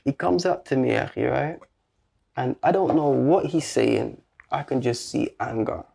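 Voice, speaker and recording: A man's voice: mid-range voice, unhurried, creaky, warm tone. A man with a British accent, telling a personal story in an interview in casual, slangy street talk, acting out the dialogue. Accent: British English. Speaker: guest.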